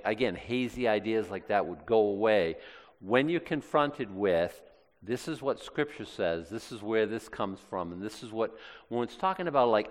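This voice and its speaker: Chatty low-voiced pastor in a reverberant hall. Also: male voice. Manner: chatty, digressive, with frequent restarts and asides. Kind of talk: conversational Bible teaching.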